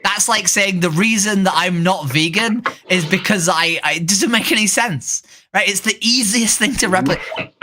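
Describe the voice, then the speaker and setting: A woman's voice: medium pitch, normal speed, bright, forceful tone. Pushy, sweary streamer woman. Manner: pushy, sweary, keeps asking "right?". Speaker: vegan activist streamer. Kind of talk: casual video-chat debate.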